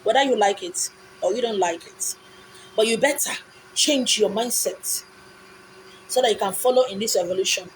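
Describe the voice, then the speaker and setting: A woman's voice: medium pitch, normal speed, long pauses, a little hiss or hum, poor audio. A woman with a Nigerian accent giving an impassioned, preachy monologue, full of rhetorical questions and insistent repetition. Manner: repetitive, insistent phrasing with pidgin asides.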